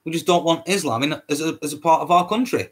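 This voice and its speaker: A man's voice: fairly high pitch, lively intonation, fast talker, breathy edge. A man hosting a solo podcast, ranting in a heated, repetitive way, swearing often and stumbling over his words. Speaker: podcast host.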